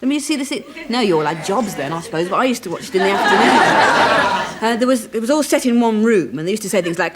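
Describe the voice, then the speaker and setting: A woman's voice: mid-range voice, animated, quick pace, few pauses, noisy background. A woman comedian on a talk show, telling self-mocking anecdotes in a dry manner and acting out quoted voices. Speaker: comedian guest. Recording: 1980s TV studio with audience laughter.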